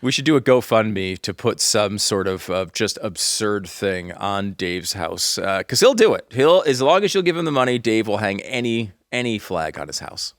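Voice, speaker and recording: A man's voice: fairly low pitch, very animated, moderate pace, few pauses, no room sound, studio quality. A man hosting a podcast in casual comedic chat, laughing often and restarting his sentences. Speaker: podcast host.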